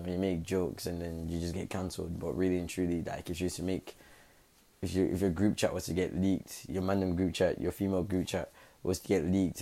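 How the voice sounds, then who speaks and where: A young man rambles through a casual commentary, full of slang and tag questions. His voice sits low and sounds dark and mellow. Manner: rambling, slangy, fillers like innit. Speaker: content creator.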